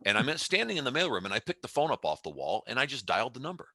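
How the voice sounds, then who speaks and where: A man's voice: mid-range voice, fast talker, no echo. A man in his fifties, a company CEO, telling a story as an interview guest and acting out the scene as he goes. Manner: animated storyteller who acts out the scene.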